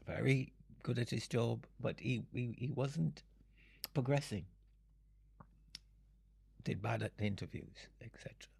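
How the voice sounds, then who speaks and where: An older man from Jamaica, speaking in an interview, unhurried and fond of analogies, often breaking into laughter. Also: mid-range voice, gravelly, darkish tone, husky. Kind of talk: reflective storytelling.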